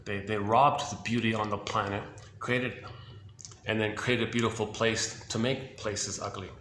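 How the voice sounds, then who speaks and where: A man's voice: on the low side, steady tone, measured pace, fairly bright tone, slight background noise. A man giving a rambling spoken monologue, full of restarts and asides, while moving around inside a building. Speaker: self-help commentator. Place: indoor building with hallway and rooms. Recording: echoey indoor space.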